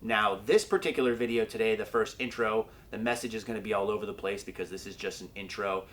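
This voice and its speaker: A man's voice: on the low side, fast talker, a bit bright, a little hiss or hum. A young man chatting casually in a training vlog, laid-back and joking, with the odd swear word. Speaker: powerlifting vlogger.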